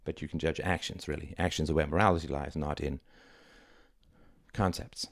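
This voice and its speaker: A middle-aged man with a very low voice talks on his own show in a reflective, conversational way, leaning hard on key words. The recording is dry and close, with no room sound. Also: fairly even intonation, normal speed, gravelly, dry recording. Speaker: podcast host. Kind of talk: solo monologue.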